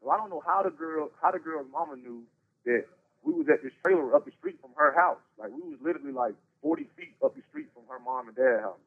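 A man's voice: a little high, very animated, a little fast, husky. A man, telling his story bluntly with lots of profanity and slang, rambling as he goes. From North Carolina, US. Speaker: incarcerated interview guest. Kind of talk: casual storytelling. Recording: tinny prison phone line.

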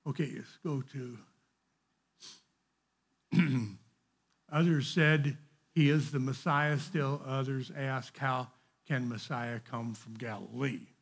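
Gravelly, husky man teaching Bible study. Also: mid-range voice, steady tone, takes it slowly, long pauses. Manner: digressive, conversational commentary on a text.

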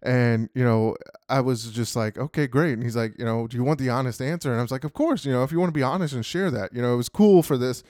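A man's voice: mid-range voice, fast, hardly any pauses, darkish tone. A man in a middle register gives a casual motivational talk to a sales team and keeps leaning on "you know" as he goes. His delivery is loose and conversational. The sound is dry and close, with no room echo. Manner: conversational, heavy use of "you know" fillers.

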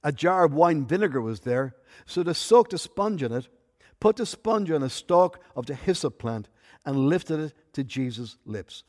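A man preaching a sermon as pastor, swinging from soft, intimate asides to loud, emphatic peaks. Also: a little high, sing-song, normal speed. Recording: long hall reverb.

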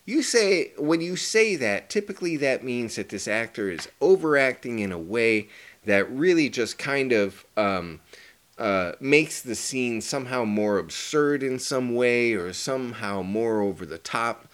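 A man talking movies on a casual podcast, swinging from hushed to loud as he gets worked up. He swears freely and keeps acting out lines from the film, with a plain, average-pitched voice. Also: expressive, unhurried, smooth. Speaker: podcast co-host. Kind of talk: casual movie review chat.

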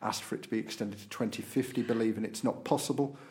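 A man's voice: on the low side, fairly even intonation, quick pace, darkish tone. A man hosting a podcast, chatting casually through local and political news with frequent fillers. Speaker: podcast host.

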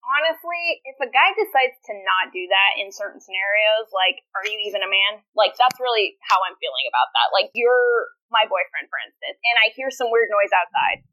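A woman co-hosting a podcast in casual chat, animated and swearing freely as she acts out quotes. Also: medium pitch, fairly quick, hardly any pauses, rough recording. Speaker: podcast co-host.

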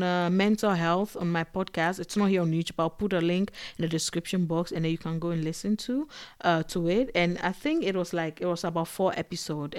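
A woman talking casually to camera as a vlogger, animated and digressive, full of fillers and quick laughs. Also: on the low side, clean tone, no room sound, studio quality. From Africa. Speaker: vlogger and podcaster.

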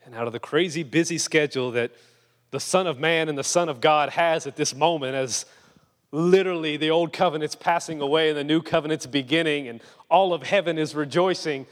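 A young man preaching a sermon in a casual, storytelling way, sometimes lively and sometimes hushed and earnest. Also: a little high, a little fast, long reverb tail.

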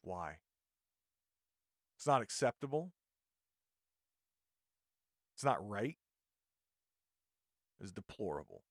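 A man's voice: on the low side, big pitch swings, takes it slowly, long pauses, no echo, clean studio sound. Indignant man ranting on a podcast. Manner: indignant, rambling with frequent restarts. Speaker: podcast host. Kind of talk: podcast monologue rant.

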